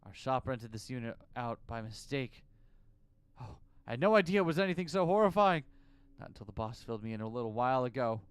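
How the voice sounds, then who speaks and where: A man's voice: mid-range voice, animated, fairly quick, smooth, dry recording, close to an everyday voice. A man voicing an insistent, panicky male costume shop clerk who speaks formally and pleads. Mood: anxious explaining.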